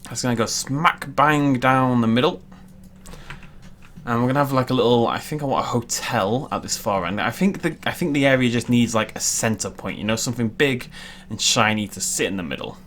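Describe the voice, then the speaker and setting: A man's voice: medium pitch, a little fast, a bit bright. A young man talks his way through a building game in a casual, chatty voice. He rambles, jokes at his own expense and throws in silly asides. There is a faint hiss of noise behind him. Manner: chatty, self-deprecating, jokey asides. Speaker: gaming YouTuber. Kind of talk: casual let's-play commentary.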